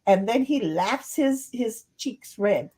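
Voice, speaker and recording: Woman, livestream host, casual chat, reads comments aloud, rambling, slow, fairly high voice. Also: lively intonation, mellow, husky. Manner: rambling, stumbles over repeated words.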